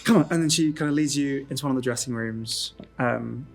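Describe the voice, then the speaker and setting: A man running a tabletop game as game master, narrating scenes in a loose, casual way. He pads his descriptions with fillers, and his voice sits at a middling pitch. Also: a little fast, creaky, soft background music.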